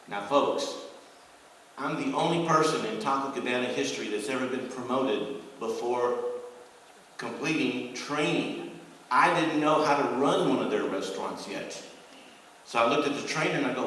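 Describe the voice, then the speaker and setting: A man's voice: mid-range voice, normal speed, slight background noise. A middle-aged man from the United States tells a motivational story to students, switching between voices as he acts out each exchange. He is heard from far off, and the sound echoes heavily around a large hall. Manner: animated storyteller acting out dialogue. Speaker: guest speaker. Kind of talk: motivational speech. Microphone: far from the recording mic.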